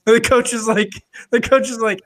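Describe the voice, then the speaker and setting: Bright-voiced rambling man telling a story. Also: extremely high pitch, steady tone, moderate pace. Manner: rambling storytelling, many fillers and restarts. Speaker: podcast co-host. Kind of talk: casual chat over drinks.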